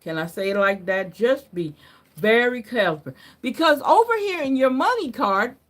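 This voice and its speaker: A woman hosts a live card reading in a loose, chatty way, tagging nearly every point with "right?" or "okay?". She laughs off her own mix-ups. Her pitch jumps up when she gets excited and settles lower and softer as she goes on. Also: normal speed. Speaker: card reader.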